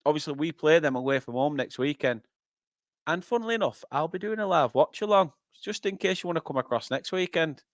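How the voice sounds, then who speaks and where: A young northern English man hosting a live football watchalong, chatting with viewers and breaking into excited play-by-play. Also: on the high side, fairly quick, no room sound, clean studio sound. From northern England. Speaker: fan channel host.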